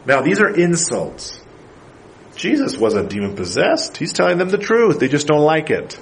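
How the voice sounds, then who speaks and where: A man preaching a sermon in a fairly high voice. He reads scripture aloud and explains it with emphasis, building into ringing declarations. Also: very animated, normal speed, a little hiss or hum, poor audio. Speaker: pastor.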